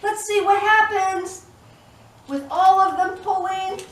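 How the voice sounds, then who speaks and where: A woman telling a storytime tale to toddlers, an expressive storyteller who makes the animal noises herself. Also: extremely high pitch, slow, a little hiss or hum. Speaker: children's librarian. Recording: echoey room, mic at a distance.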